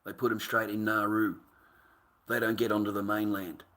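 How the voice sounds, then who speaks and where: A man's voice: on the low side, moderate pace. An Australian man rambling through an anecdote, swearing freely and calling the listener "mate" often. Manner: profane, excitable storyteller who says "mate" a lot. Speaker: vlogger.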